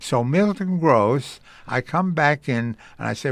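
A man's voice: mid-range voice, lively intonation, a little slow, no echo. An older man telling stories about his early radio career in an interview, acting out the voices of the people he quotes. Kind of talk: storytelling interview.

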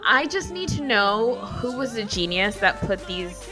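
A woman co-hosting a casual fan chat, talking in an animated, emphatic way. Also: mid-range voice, unhurried, music in the background. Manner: animated, emphatic, playfully defensive. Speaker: podcast co-host.

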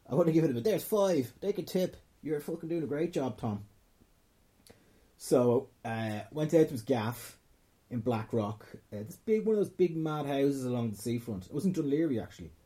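A man's voice: medium pitch, lively intonation, moderate pace, mellow, slightly rough. A young man with a Dublin accent, a stand-up comedian telling a rambling, profane story in casual chat, often cutting himself off mid-sentence. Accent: Irish, Dublin. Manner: rambling, profane, self-interrupting.

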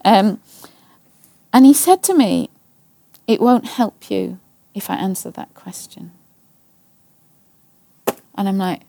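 Earnest woman with a gravelly voice. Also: mid-range voice, expressive, slow pace, pauses often, warm tone, no room sound. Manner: earnest, repetitive, acts out her own anxious prayers. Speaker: Christian speaker. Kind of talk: casual personal testimony.

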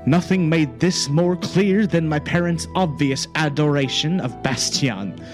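A man's voice: fairly high pitch, a little slow, natural voice. A man voicing an earnest male keeper of runes and lore, introducing himself politely. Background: music.

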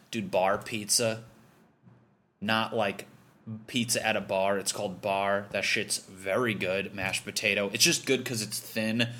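A man's voice: fairly low pitch, bright, forceful tone. A young man from Connecticut hosting a podcast, delivering a profane, rambling comedic rant. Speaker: podcast host.

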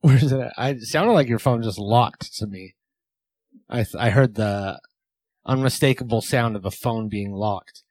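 A man's voice: medium pitch, moderate pace, a little mellow, no room sound. A man with a New Zealand accent co-hosting a podcast in casual, playful banter. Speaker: podcast co-host. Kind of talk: casual chat.

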